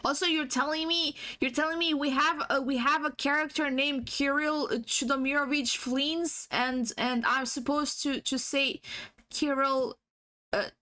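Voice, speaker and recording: This woman streamer's voice is high, pushed and bright, with fairly even intonation, normal speed and hardly any pauses. She rambles giggly through casual livestream chat, swearing freely and full of fillers and restarts, while her audio is faulty.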